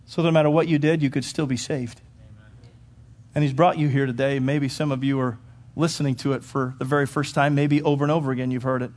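A man's voice: a little high, fairly even intonation, brisk. A man preaching a sermon in a church, talking emphatically and building to fervent peaks. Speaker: pastor.

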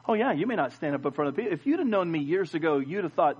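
A middle-aged man preaching a sermon as pastor, swinging from loud emphatic lines to quiet low ones. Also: lively intonation, fast talker, slightly rough. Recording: dull lo-fi sound.

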